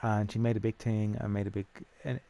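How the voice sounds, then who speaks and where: A man's voice: lowish voice, flat delivery, brisk, warm tone. A young Irish man telling a story in a rambling, chatty way with swearing, over a game. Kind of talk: casual storytelling over gameplay.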